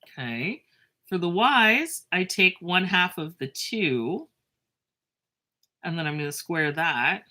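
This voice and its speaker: A woman teaching a math lesson in a chatty, self-mocking way, with lively asides and a drawn-out pace while she writes. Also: on the low side.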